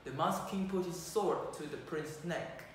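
A teenage male student reading a children's story aloud, slow and halting, often correcting himself. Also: on the high side. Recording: echoey room, distant mic, faint noise.

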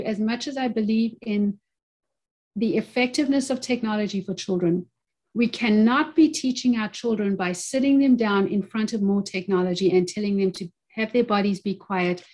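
A woman in her fifties speaks at a moderate pace with a medium-pitched, darkish voice. She's an occupational therapist appearing as a guest in a webinar interview, and over a video-call microphone she talks earnestly, repeating phrases to drive her points home.

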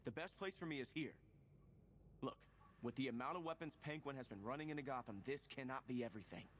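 A man's voice: medium pitch, fast talker, fairly bright tone, a little hiss or hum, close to an everyday voice. An actor playing an eager young adult male hero sidekick in a video game, earnest and reassuring.

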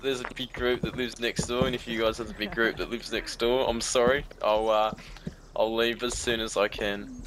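A man's voice: mid-range voice, level tone, moderate pace, background noise. Teasing man in game voice chat. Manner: laughing, teasing, stubborn banter. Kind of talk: gaming voice chat.

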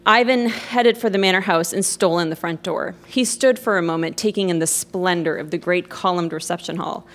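A woman's voice: fairly low pitch, a little fast, a little hiss or hum. Amused woman reading her teenage novel. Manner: amused, wry asides to an audience. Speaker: reader of her own teenage writing. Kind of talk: comic live reading of a novel.

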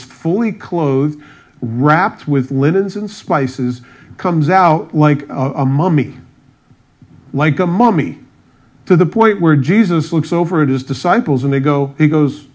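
Male pastor, slightly higher voice, storytelling sermon with wry asides and acted-out dialogue.

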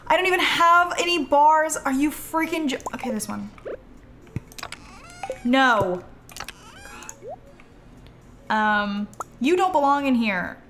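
A woman's voice: sits high, slow pace, long pauses, a bit bright, a little hiss or hum. A young woman game streamer chatting casually and playfully to her chat while she plays, reacting aloud to what she finds.

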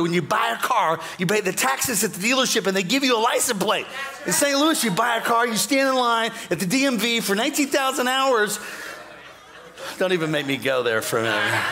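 Animated high-voiced pastor preaching. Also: male voice, background noise. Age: older. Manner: animated, jokey, bursts into shouts and mock voices. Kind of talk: sermon.

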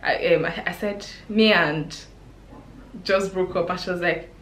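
A young woman, a vlogger telling a chatty, expressive story with sudden exclamations. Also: fairly low pitch, measured pace. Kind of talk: casual storytime chat. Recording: echoey room.

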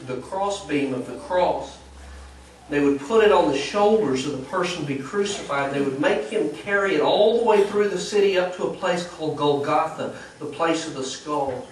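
A man preaching a storytelling sermon in church, animated, acting out the voices of the people in the story. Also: on the high side, far from the mic, a little hiss or hum. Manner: animated, acts out quoted voices. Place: church sanctuary. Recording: echoey church recording from afar.

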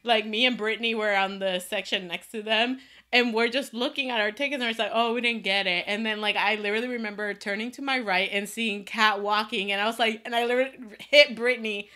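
A woman's voice: a little high, steady tone, fast talker, sharp tone. A woman co-hosting a casual podcast, enthusiastic and slangy, laughing often as she remembers a concert. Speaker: podcast co-host. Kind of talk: casual chat.

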